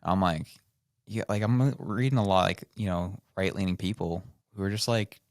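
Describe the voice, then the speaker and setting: A Canadian man co-hosting a podcast, talking politics in a lively, casual way and mimicking other people's voices. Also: low-pitched, moderate pace, no echo, clean studio sound. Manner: animated, mocks voices of others. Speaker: podcast co-host. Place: studio.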